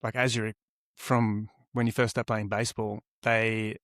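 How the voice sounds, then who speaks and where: A man's voice: fairly low pitch, little pitch movement, a little slow, fairly bright tone, no echo, studio quality. An Australian man co-hosting a podcast in casual chat, talking in rambling explanations and laughing easily. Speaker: podcast co-host.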